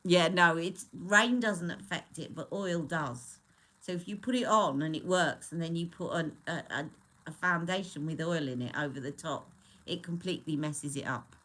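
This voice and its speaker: A woman's voice: deep voice, normal speed, a bit bright. A woman hosting a casual beauty live stream, chatting loosely and greeting viewers by name between product talk.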